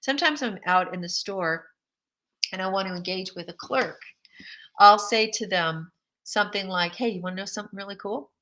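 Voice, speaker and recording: Bright-voiced lady hosting a faith pep talk, super emphatic, laughs a lot, acts out little convos. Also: medium pitch, normal speed, low-quality recording. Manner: animated and emphatic, laughing often, acting out quotes. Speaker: host of a faith-based encouragement show.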